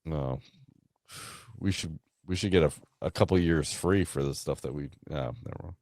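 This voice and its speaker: A man co-hosting a podcast in casual chat, lively and quick to laugh, often restarting his sentences. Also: very deep voice, dry recording, clean studio sound. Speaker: podcast co-host.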